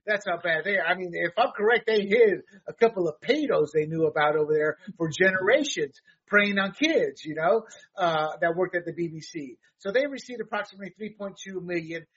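High-voiced husky man, heated political talk. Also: a bit bright, highs cut off. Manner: heated, halting with many fillers and restarts.

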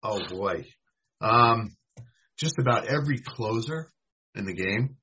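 Guest: low, husky man from New York, hesitant, lots of ums, lo-fi audio. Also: lively intonation, slow pace, bright, forceful tone, a little hiss or hum. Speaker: fantasy baseball guest, former editor. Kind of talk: casual sports chat. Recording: dull lo-fi sound.

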